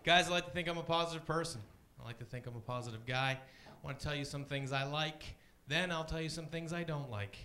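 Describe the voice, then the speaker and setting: Bright-voiced male stand-up comic. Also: quick pace, hardly any pauses. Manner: deadpan, chatty, slips into high voices for others. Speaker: stand-up comedian. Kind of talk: stand-up comedy set. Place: comedy club stage.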